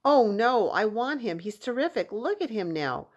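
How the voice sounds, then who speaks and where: A woman voicing a possessive, bratty boy who whines and shouts. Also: fairly low pitch, a little slow, highs cut off. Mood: defiant. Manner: whiny, shouting.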